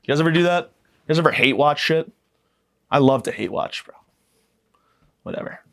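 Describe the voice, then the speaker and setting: A man's voice: a little high, animated, moderate pace, gravelly. A young man hosting a podcast, delivering a profane, mock-aggressive comedic rant that rambles from point to point. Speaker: podcast host.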